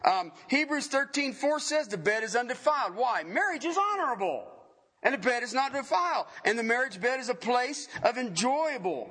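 Middle-aged male pastor, high lively voice, bright and a little husky, jokey sermon delivery. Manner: joking, animated preaching with frequent laughs.

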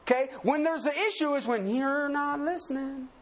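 At a moderate pace, this preacher poses rhetorical questions, moving from low murmurs up to emphatic peaks. Laughter comes often as he delivers his sermon.

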